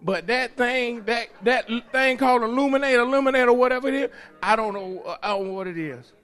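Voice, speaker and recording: A man giving an animated testimony in church, folksy and excitable, laughing and hollering as he tells it. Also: a little fast. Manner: folksy, excitable, laughs while telling, hollers at the high points. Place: church sanctuary.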